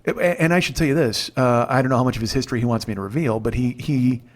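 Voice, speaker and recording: A man's voice: mid-range voice, fast. A man in his forties hosting a comedy podcast, telling a story in a rambling, profane and incredulous rant that is full of restarts. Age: 40s.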